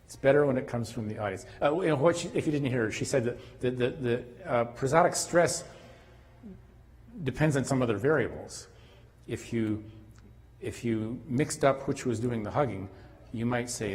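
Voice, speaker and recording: Male conference lecturer, academic talk, halting with restarts, hall reverb. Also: medium pitch. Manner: halting, frequent restarts and fillers.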